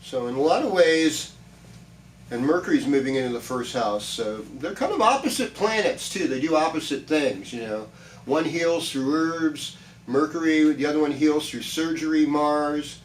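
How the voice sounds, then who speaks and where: A man's voice: a little high, expressive, moderate pace, reverberant, far from the mic, slight background noise, rough recording. A man giving a chatty, reassuring weekly horoscope talk, rambling with many restarts. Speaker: astrologer.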